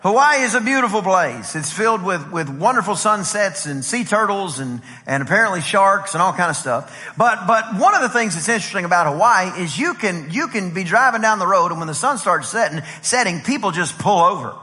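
A high-pitched man preaches a conference sermon in a lively storytelling style, repeating "I said" as he acts out conversations. His voice is bright and ringing, and a long hall reverb trails behind it. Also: fairly quick, hardly any pauses. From Texas. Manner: lively, repeats "I said" while acting out dialogue. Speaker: pastor.

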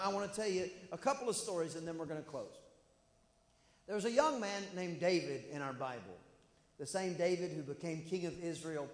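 A man preaching a sermon as pastor, telling a story with animated delivery and acting out the characters' lines. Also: sits high. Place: church sanctuary. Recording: echoey church hall.

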